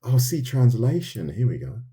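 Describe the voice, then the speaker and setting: A man with a London accent and a medium-pitched, dark, breathy voice with big pitch swings talks at a moderate pace on a live stream while drawing. He reads and answers viewer comments casually, thinking aloud with loose restarts.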